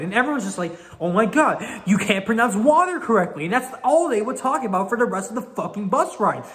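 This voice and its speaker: A frustrated young man in his late teens vents about an embarrassing story, his pitch swinging widely as he swears and pleads. His voice trails into a long reverb. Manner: exasperated, swearing, animated. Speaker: vlogger. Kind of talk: casual storytelling.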